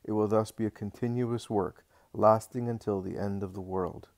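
Man voicing a patient gentle teacher, low voice, dry close sound, measured and reassuring. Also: fairly even intonation, no echo, lightly acted. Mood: gently instructive. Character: Jesus, calm gentle adult male teacher. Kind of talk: audiobook reading of a religious text.

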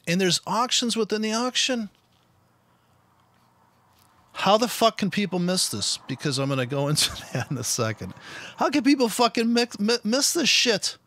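A man's voice: high-pitched, sing-song, normal speed, fairly bright tone. A man ranting bluntly over his trading charts, swearing nonstop and laughing at his own jokes. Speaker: forex trader streaming his charts. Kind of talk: profane ranting commentary.

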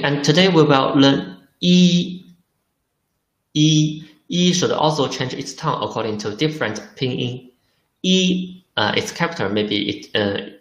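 A man teaching a beginner Chinese lesson in English, speaking slowly and repeating each word while asking the learners questions. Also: medium pitch, reverberant. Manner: slow and deliberate, repeating words, asks the learners questions. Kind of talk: slow spoken language lesson.

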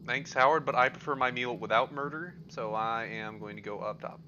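A young man giving casual, excitable gameplay commentary, swearing and yelping in panic as he plays. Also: medium pitch, fairly quick, hardly any pauses, background noise. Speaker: gameplay streamer. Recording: dull lo-fi audio with game music. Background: game music.

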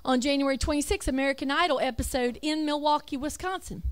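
A woman's voice: high voice, fast talker. A woman giving an emphatic religious talk over slides, with rhetorical questions and self-corrections. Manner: reads lists aloud, self-correcting. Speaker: religious speaker.

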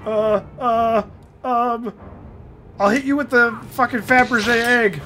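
A man giving casual let's-play commentary, excitable and jokey, swearing and laughing often. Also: very high-pitched, takes it slowly. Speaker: gameplay streamer. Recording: faint game music behind.

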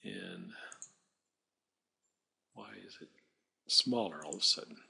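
A man teaching math, talking through a screen-recorded software demonstration and correcting his slips aloud as he works. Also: low voice, wildly swooping pitch, slow, gravelly, slightly rough. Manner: thinking aloud while working, self-correcting.

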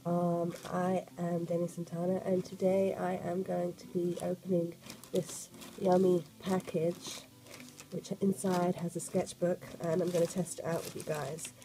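A woman, croaky from a cold, chatting excitedly as she unboxes a sketchbook for an art vlog. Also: fairly low pitch, a little slow, noisy background. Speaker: art vlogger.

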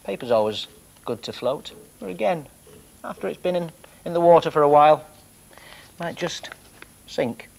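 A man presenting a children's television programme, talking gently and playfully to young viewers as he floats toy boats. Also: on the high side, expressive, normal speed, gravelly, long pauses, poor audio.

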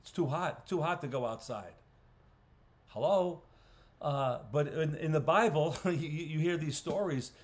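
A man, a pastor, teaching a Bible study in a conversational way, clearing his throat often and restarting phrases. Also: a little high, measured pace. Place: church. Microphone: livestream recording.

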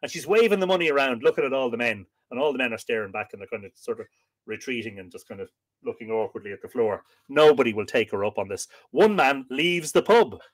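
Irish man, casual live-stream host, jokey, animated intonation. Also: mid-range voice, fast talker. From Ireland. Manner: jokey, laughing often, lively storytelling. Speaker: podcast host.

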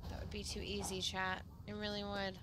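A woman's voice: mid-range voice, completely flat delivery, normal speed, noisy background. A young woman streaming a horror game, chatting casually with her chat and swearing freely. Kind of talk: casual live gameplay commentary.

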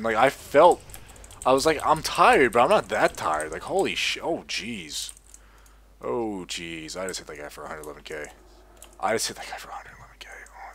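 A tired young man talks through his game in a loose, rambling ramble, swearing freely and poking fun at himself. His voice sits a little low, and keyboard typing clicks along behind him. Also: a bit bright. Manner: rambling, profane, self-mocking. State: sleep-deprived, tired. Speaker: gaming video creator. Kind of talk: casual gameplay commentary.

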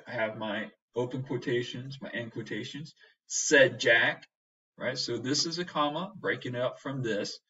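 A man's voice: medium pitch, pushed and bright. A man teaching a class, walking through each point patiently and ending many lines with "right?". He sounds a little far from the mic. The recording is dull and lo-fi. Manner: explains step by step, tags lines with "right?". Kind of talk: recorded writing lesson.

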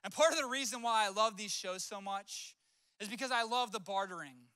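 A man's voice: sits high, fairly quick, pushed and bright, clear, resonant tone, dry recording, studio quality. A man preaching a sermon as pastor, telling stories in a conversational way and acting out quotes. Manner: conversational storytelling with acted-out quotes.

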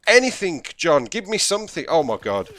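A man's voice: fairly low pitch, lively intonation, quick pace, natural voice. A man playing a stressed, bossy game studio boss who grows exasperated.

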